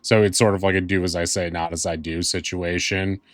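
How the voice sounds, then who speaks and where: Deep-voiced man running a tabletop game. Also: level tone, brisk, no echo. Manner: rambling, thoughtful, many fillers. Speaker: game master.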